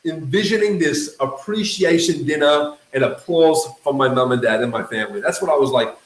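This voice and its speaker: A man with an Australian accent telling a lively motivational story about network marketing, acting out the voices he quotes. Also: a little high, normal speed, echoey room, low-quality recording. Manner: energetic, acts out quoted voices.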